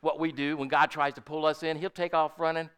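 A man's voice: a little high, level tone, a little fast, a bit bright, clean tone. An older man preaching a sermon in a folksy, storytelling way, often asking his congregation "Amen?". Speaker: pastor.

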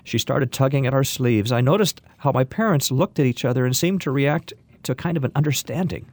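A man narrating a story in a wry, gently humorous manner. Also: mid-range voice, expressive, a little fast, dry recording.

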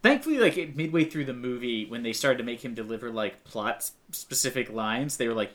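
Mid-pitched guy on a movie podcast, dry jokes, lots of likes. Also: sing-song, brisk, few pauses, fairly bright tone. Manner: wry, lots of "like" fillers, laughs at own jokes. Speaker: podcast co-host. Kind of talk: casual movie-review chat.

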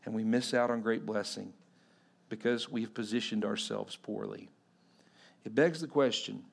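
Gravelly forty-something preacher telling a story. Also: male voice, fairly low pitch, moderate pace. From Texas. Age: 40s. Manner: storytelling with acted-out quotes, swings between loud and hushed. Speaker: pastor. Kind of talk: sermon.

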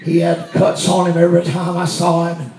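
A man preaching a testimony sermon, telling a story and building to shouts. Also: a little high, completely flat delivery, fairly quick, echoey room, faint music behind. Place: church sanctuary.

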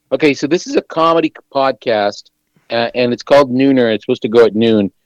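A man cohosting a casual comedy podcast, talking loudly and in a self-deprecating way. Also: medium pitch, dry recording, dull audio. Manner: loud, self-deprecating, fumbling with his mic.

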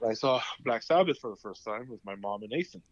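A man's voice: medium pitch, animated, fairly quick, dry recording. A man telling a long story in casual chat, rambling and profane, full of fillers. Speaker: podcast host. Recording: dull lo-fi dry sound.

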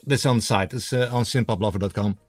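Halting man, dry sound. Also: fairly low pitch, no room sound. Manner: halting, many fillers while searching for English words. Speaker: guest, radio host and music blogger. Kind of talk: interview answers in a second language.

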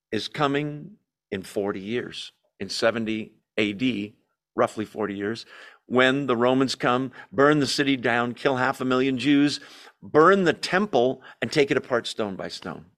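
A man's voice: medium pitch, lively intonation, measured pace, fairly bright tone. A man leading a Bible study in a church meeting room, speaking animatedly and asking and answering his own rhetorical questions.

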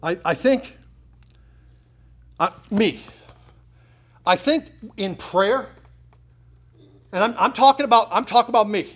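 A middle-aged man preaching to his congregation in a church. He talks in a loose, conversational way, leaning into points with sudden emphasis and casual asides. His voice sits a little high for a man. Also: lively intonation, takes it slowly, pauses often, slightly rough. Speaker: pastor. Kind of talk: sermon.

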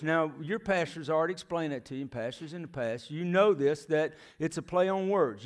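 A man's voice: sits high, expressive, brisk. A middle-aged man, preaching a folksy, storytelling sermon in a church as a visiting missionary. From United States. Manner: folksy storytelling, asks the crowd questions. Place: church sanctuary.

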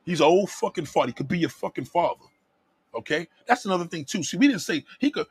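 A man who rants at his livestream chat, loud and heated. His voice is husky and swings wildly up and down. The sound is dry and close, with no room echo. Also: high-pitched, animated, fast. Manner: loud, heated, swearing, rhetorical questions, repeats himself. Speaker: livestream host reacting to chat comments. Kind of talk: profane livestream rant.

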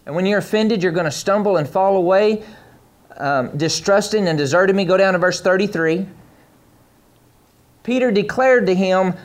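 High-voiced male preacher. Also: normal speed. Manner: preaching to a live congregation, reading scripture aloud. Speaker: pastor. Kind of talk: sermon.

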